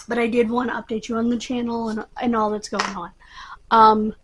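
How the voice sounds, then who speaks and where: A woman's voice: on the high side, background noise. A middle-aged woman hosting her own channel, chatting casually and rambling with many fillers. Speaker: channel host. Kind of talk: casual chat to camera.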